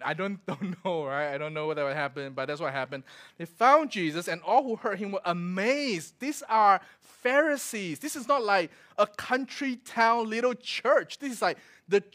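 A man's voice: high voice, fairly bright tone. A male pastor, preaching a sermon full of stories, laughing as he acts out quotes. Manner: storytelling with laughs and acted-out quotes.

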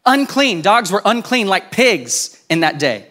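A man preaching a sermon in a casual, conversational way, telling a story with lively voices for the people in it. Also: high voice, a little slow. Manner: informal and conversational, with restarts. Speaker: pastor.

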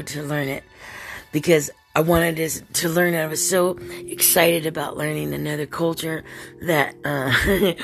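A woman's voice: low-pitched, creaky. A woman hosting a podcast alone, talking in a rambling, chatty way and laughing often. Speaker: podcast host. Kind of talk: casual solo podcast monologue.

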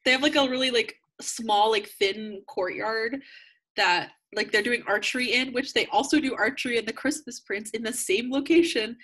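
A woman talks through a movie's plot in a relaxed chat, dropping wry little asides. Her voice sits a bit high and has a husky edge. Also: moderate pace. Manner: wry, laughing asides while summing up the plot. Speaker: podcast co-host. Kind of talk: casual movie recap chat.

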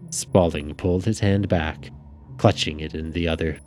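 A man narrating an audiobook in a measured, steady reading, with faint music behind. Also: very deep voice.

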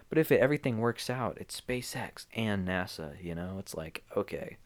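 A very low-voiced young man rambles through his own podcast, unscripted, drifting from topic to topic with plenty of fillers. He sounds groggy, like he just woke up, and is talking in a small room piled with blankets and pillows. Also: animated, moderate pace. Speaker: podcast host. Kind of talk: casual rambling solo podcast.

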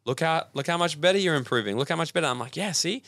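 A man, a personal development coach telling animated stories as a podcast guest. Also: fairly high pitch, rapid-fire, dry recording. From Australia. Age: 20s. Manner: energetic, animated storytelling with acted-out voices. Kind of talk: casual podcast interview.

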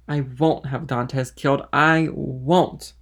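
Male reader as a loud, sloppy drunk, higher and pushier than the narration, storybook reading. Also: steady tone, takes it slowly. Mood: drunken protest. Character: drunken man protesting loyalty to a friend.

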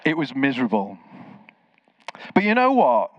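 Animated preacher with a dry, dull sound. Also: male voice, mid-range voice, moderate pace, dry recording. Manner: animated storyteller, acts out quoted voices. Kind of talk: sermon with storytelling.

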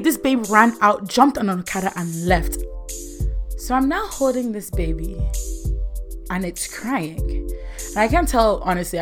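A young woman telling a personal story in an animated, sassy way, sometimes breaking into shouts. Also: medium pitch. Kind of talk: storytime vlog.

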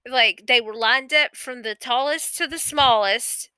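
Bright, rambling woman telling a story. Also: on the high side, a little slow, clear, resonant tone, dry recording, low-quality recording. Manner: rambling, self-correcting, candid with swearing. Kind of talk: casual personal storytelling.

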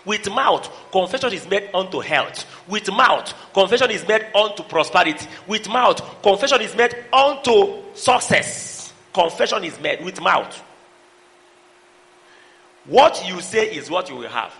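High, gravelly preacher man. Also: lively intonation, measured pace. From Nigeria. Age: middle-aged. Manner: preaching with call-and-response, breaking into song and shouts. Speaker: pastor. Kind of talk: sermon. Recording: long hall reverb.

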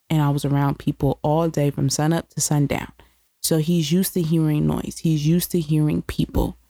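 A woman co-hosting a casual chat, a mother telling animated stories and teasing competitively. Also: fairly low pitch, no echo, clean studio sound. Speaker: podcast co-host, mother.

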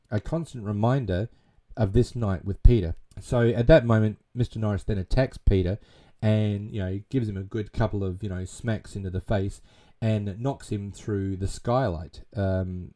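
A man's voice: on the low side, warm tone. A man casually retelling a movie plot and reviewing it, rambling with plenty of fillers and restarts.

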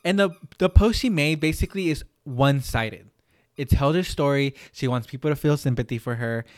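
A man's voice: medium pitch, fairly quick, dry recording, studio quality. A young man, a podcast co-host, telling a work story in casual chat, rambling with lots of "like" and swearing. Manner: rambling, heavy use of "like", swears.

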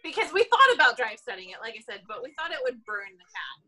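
A woman police officer telling a story in casual chat, animated, laughing often and acting out what people said. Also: a little high, quick pace.

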